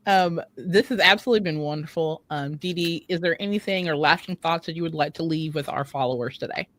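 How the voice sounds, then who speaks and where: A woman hosting a podcast, chatty and enthusiastic, quick to affirm her guest. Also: deep voice, no echo. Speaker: podcast host. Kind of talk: casual interview chat.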